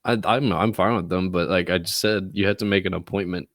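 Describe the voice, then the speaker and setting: Low gravelly young man, teasing chat. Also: steady tone, fairly quick, dry recording, clean studio sound. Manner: teasing, rambling, frequent fillers. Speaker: podcast co-host. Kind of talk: casual chat. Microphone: remote call recording software.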